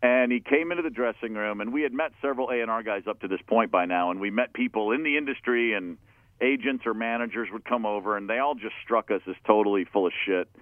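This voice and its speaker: A man's voice: on the low side, fast, no room sound. Candid man on a tinny phone line. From Atlanta. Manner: candid, profane, acts out quoted voices. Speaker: musician guest. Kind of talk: casual storytelling interview.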